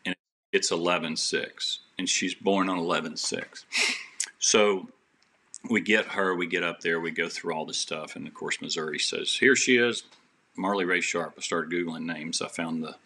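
A man with a deep, gravelly voice shares a personal story as a podcast guest. His tone is bright and forceful, and he speaks in an earnest, rambling way, full of restarts and talk of faith. There is a faint noise behind him. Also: little pitch movement, normal speed.

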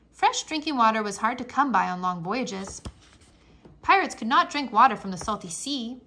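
A woman reading a children's nonfiction book aloud in an expressive storybook manner, with playful exclamations. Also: fairly high pitch. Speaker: reader.

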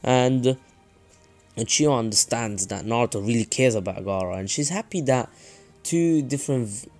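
A man's voice: medium pitch, normal speed, a little mellow, faint music behind. A man casually retelling a fan story, rambling and correcting himself, with jokes and asides. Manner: rambling, self-correcting, joking.

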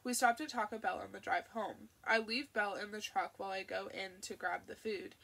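A woman reading an audiobook, voicing a middle-aged dad who jokes easily and speaks gently and soothingly. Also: mid-range voice, fairly even intonation, brisk, vocal fry.

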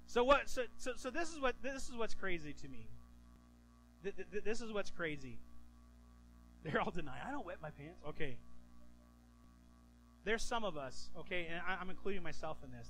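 A man in his thirties, a pastor preaching a sermon, telling stories with lively restarts and stammers. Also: sits high, moderate pace, pauses often, faint music behind, poor audio. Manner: animated storytelling, stammering restarts.

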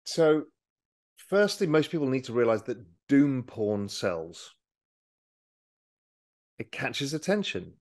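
Animated British man explaining economics. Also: mid-range voice, slow, long pauses. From Britain. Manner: animated, explanatory, mimics people for effect. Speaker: guest, former hedge fund manager. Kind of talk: conversational interview.

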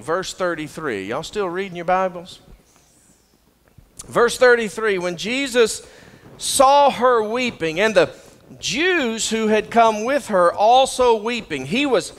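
A man's voice: sits high, fairly bright tone, big-room sound. A man preaching a sermon, reading scripture aloud and joking with the congregation in a folksy way. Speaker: pastor. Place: church sanctuary.

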